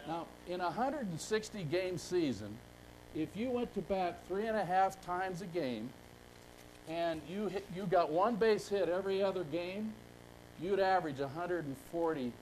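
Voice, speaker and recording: A man's voice: high voice, lively intonation, moderate pace, darkish tone, a little hiss or hum, rough recording. An older man speaking at a conference, telling rambling folksy stories to a live audience. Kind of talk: storytelling talk to a live audience.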